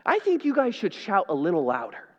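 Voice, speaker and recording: A man's voice: sits high, huge pitch swings, moderate pace, in a large hall, muffled recording, exaggerated voice. A man voicing a sarcastic male prophet who mocks his rivals in a playful, exaggerated way. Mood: mocking.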